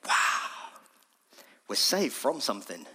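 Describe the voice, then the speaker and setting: A man preaching with real fervour, his voice high and bright and edged with tension. He sinks to near-whispers, then climbs into ringing, urgent calls to his listeners. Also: animated, normal speed. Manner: impassioned, swings from hushed to shouting. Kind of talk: sermon.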